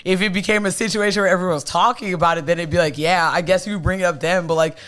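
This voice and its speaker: A man's voice: sits high, steady tone, quick pace, fairly bright tone, clear, resonant tone. A man co-hosting a podcast, talking things through in casual chat, reflective and explanatory with lots of "like". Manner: reflective, explaining ideas with many "like" fillers. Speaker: podcast co-host.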